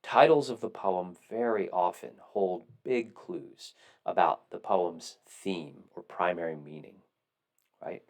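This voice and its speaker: A man's voice: deep voice, gravelly. A man teaching a poetry lesson in a recorded lecture, explaining step by step and asking questions he then answers himself.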